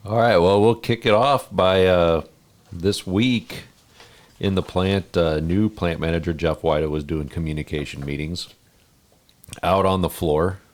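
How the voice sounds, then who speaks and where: A man's voice: sits low, slow pace, pauses often. A man co-hosting a podcast, talking in laid-back, joking banter with his co-hosts. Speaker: podcast co-host. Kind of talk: casual chat.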